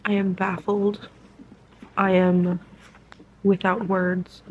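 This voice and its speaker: A young woman vlogging about a book series, reacting with animated disbelief and reading passages aloud. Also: mid-range voice, slow, lo-fi sound, a little hiss or hum. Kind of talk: casual chat reading aloud.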